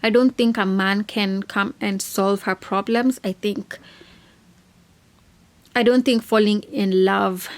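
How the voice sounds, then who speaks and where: Young woman ranting about reality tv, chatty, says like a lot, medium voice. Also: mid-range voice. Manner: chatty, opinionated, heavy on "like". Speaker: reality TV reviewer. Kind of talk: casual recap commentary.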